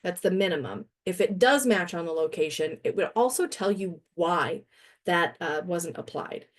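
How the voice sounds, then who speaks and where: Chatty woman trainer with a lowish voice. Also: lively intonation, normal speed. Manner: chatty, self-deprecating, laughs often. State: a little winded. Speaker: software trainer. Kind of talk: webinar product demo.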